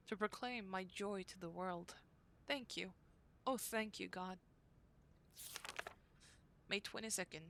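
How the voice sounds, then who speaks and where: A woman reading aloud the diary entries of a young woman devoted to her brother, in an earnest, unhurried way. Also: mid-range voice, creaky, fairly bright tone, slight background noise. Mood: joyful.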